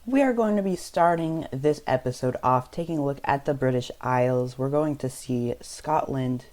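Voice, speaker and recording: A young man casually narrating over a map, loose and unscripted, with frequent ums and quick self-corrections. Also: mid-range voice, a little mellow. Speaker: map video creator.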